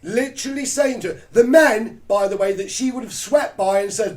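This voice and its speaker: Brit male co-host, high voice, crude, mocking, swears constantly. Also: normal speed. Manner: animated, mocking, swears a lot. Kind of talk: crude comedic chat.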